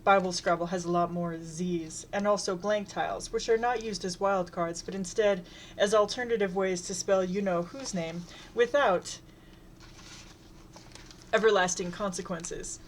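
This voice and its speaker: A woman reading a comic story aloud in a wry, deadpan way. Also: medium pitch, measured pace, slight background noise. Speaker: reader.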